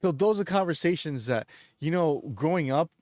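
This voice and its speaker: A man's voice: fairly high pitch, expressive, normal speed, a little mellow, no echo. A man live streaming late at night, chatting to his viewers in a rambling way, often chuckling as he retells jokes. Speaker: live streamer reading chat.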